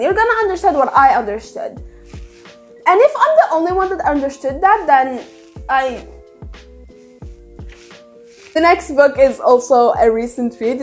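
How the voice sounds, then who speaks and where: A woman chatting casually about books in a vlog, emphatic and given to swearing and quick asides. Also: high voice. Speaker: book vlogger. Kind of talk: casual book review vlog.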